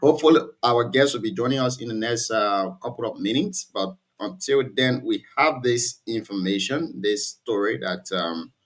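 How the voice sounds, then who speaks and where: A man with a Liberian accent hosting a studio talk show, talking in a measured, explanatory way and reading quotes aloud. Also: fairly low pitch.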